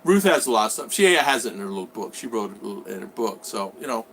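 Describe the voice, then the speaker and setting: A middle-aged man from the United States chats through a casual live stream, reading out viewer comments and wandering off with plenty of ums and uhs. His voice is bright and forward, and faint background noise sits under it. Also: fairly low pitch, animated, quick pace. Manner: rambling, reads viewer comments aloud, frequent fillers. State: recovering from a cold. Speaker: vlog host. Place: home in the Philippines.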